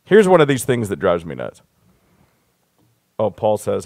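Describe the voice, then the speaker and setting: A man's voice: lowish voice, wildly swooping pitch, measured pace, gravelly, long pauses, a little mellow, no echo, studio quality. A man hosting a live talk show, ranting in a blunt, profane, rambling way. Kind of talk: casual live-stream rant.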